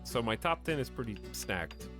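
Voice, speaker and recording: A man's voice: mid-range voice, very animated, normal speed, over music. A man streaming and chatting casually, giving rambling, opinionated takes full of fillers and restarts.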